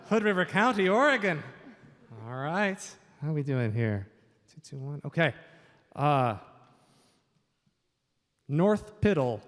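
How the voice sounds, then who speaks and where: A slightly high, sing-song and fairly bright voice belongs to a Washington state man hosting a stage quiz in a large event hall. He takes it slowly, pausing often, while staying chatty and joking into a stage microphone, with echoing hall sound.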